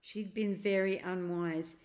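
A woman reading a storybook aloud and voicing a scheming elderly uncle who speaks in a slow, coaxing, secretive way. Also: fairly low pitch, steady tone, a little mellow. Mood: sly.

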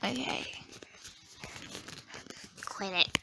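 A woman's voice: very slow, very noisy. A woman filming her baby on a phone at home, coaxing it with playful, sing-song baby talk.

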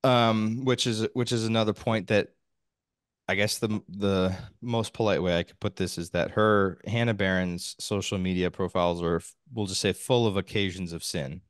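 A man hosting a podcast, talking in a measured way with restarts and small laughs. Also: fairly low pitch, steady tone, no room sound, clean studio sound. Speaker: podcast host. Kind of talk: casual podcast chat.

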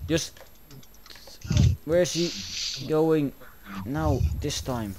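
A man with a somewhat high voice narrating his game in frantic bursts. He panics, exclaims and swears constantly, with faint clicks and typing behind him. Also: animated, drawn-out words, noisy background. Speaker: gameplay commentator. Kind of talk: let's-play commentary.

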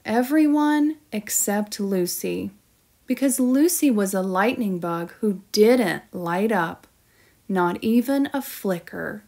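A woman teacher reads a children's picture book aloud. She speaks very slowly and expressively, leaning into the sound words. Her voice sits at a middle pitch. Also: vocal fry. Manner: slow, expressive storytelling. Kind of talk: children's story read-aloud.

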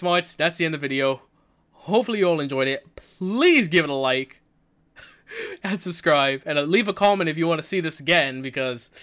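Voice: medium pitch, fairly bright tone. A young adult gaming video creator giving nervous, jittery let's-play commentary on a horror game, often stammering and repeating words.

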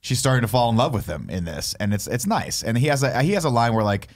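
A man cohosting a casual movie review podcast who talks quickly. He shares enthusiastic opinions, tripping over restarts as he works through his points. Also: medium pitch, sing-song. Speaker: podcast host.

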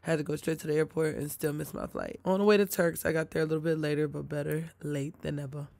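A woman's voice: low-pitched, steady tone, fast, vocal fry, very noisy. A young woman vlogger telling a story in a casual voiceover, tired late at night, chatty and talking straight to her viewers. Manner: chatty, addresses viewers directly.

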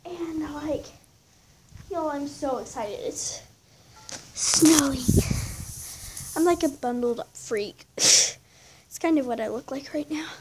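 A young woman, chatting excitedly to her phone camera outdoors in falling snow, full of "y'all" and "like". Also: high voice, takes it slowly, long pauses. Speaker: vlogger. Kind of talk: casual outdoor vlog. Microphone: handheld phone camera. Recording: noisy outdoor phone recording.

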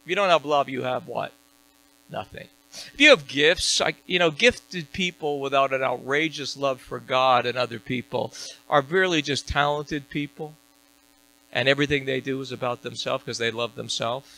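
A man's voice: mid-range voice, moderate pace, creaky, sharp tone, poor audio. A man preaching a sermon as a pastor, building to emphatic peaks and throwing questions out to his congregation. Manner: preaching with rising, emphatic call-and-response questions. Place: church sanctuary.

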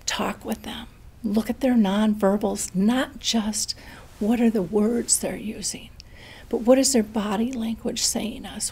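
A middle-aged woman speaking earnestly about dementia care and telling a family story with lively quoted voices. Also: mid-range voice, gravelly, husky. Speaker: dementia educator and host. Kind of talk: conversational storytelling.

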